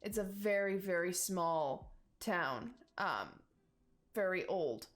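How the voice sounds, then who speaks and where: A woman's voice: lowish voice, lively intonation, takes it slowly. A woman running a tabletop game as game master, narrating casually with loose, rambling phrasing.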